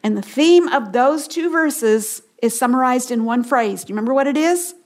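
On a radio broadcast, a woman teaches the Bible at a normal speed, her voice pitched a little high. She speaks earnestly and emphatically, repeating key phrases, and sometimes drops to a soft hush to stress a point.

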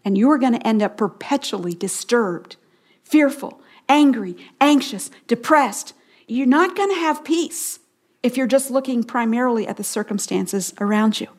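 A woman's voice: a little high, expressive, moderate pace. Earnest woman teaching the Bible. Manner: earnest and emphatic, repeats key phrases, drops to a soft hush for stress. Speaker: Bible teacher and broadcast host.

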